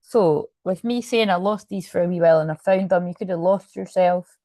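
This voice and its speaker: Scottish woman, tarot reader, casual and rambling, low-ish voice, dry close recording. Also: fairly quick, mellow, no echo. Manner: rambling, chatty, swears freely. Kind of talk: casual tarot reading to viewers. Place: room at home.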